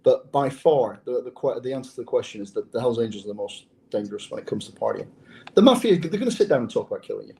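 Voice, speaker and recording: Interview guest, male former undercover cop: dark, mellow tone, blunt and profane, restarts his phrases. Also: mid-range voice, lively intonation, quick pace, vocal fry. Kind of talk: casual interview storytelling.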